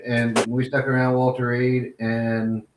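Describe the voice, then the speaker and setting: A man's voice: medium pitch, completely flat delivery, unhurried, noisy background. Wry joking man, echoey and distant. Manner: wry, self-deprecating jokes. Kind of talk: casual interview chat. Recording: echoey, away from the mic.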